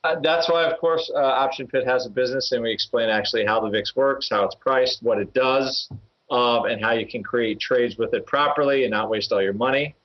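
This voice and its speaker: A man's voice: medium pitch, brisk. Rambling man talking options, muffled audio. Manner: rambling, heavy with fillers, chuckles as he explains. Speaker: options trader and regular co-host. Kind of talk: casual podcast market talk. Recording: slightly muffled podcast audio.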